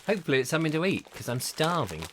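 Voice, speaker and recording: A man's voice: a little high, big pitch swings, very fast, background noise. A man hosting a comic live chat show, jokey and playful with rambling asides. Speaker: host.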